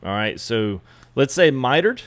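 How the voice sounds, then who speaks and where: A man's voice: medium pitch, very animated, unhurried. A man chatting casually with live viewers while customizing a truck in a game, greeting them by name. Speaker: streamer. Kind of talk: live gameplay stream chat.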